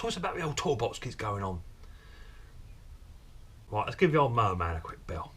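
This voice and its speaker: A man's voice: on the low side, very animated, moderate pace, a little hiss or hum. A man hosting a comic skit, chatting on the phone with friendly slang and stammering excuses. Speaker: mower repair channel host.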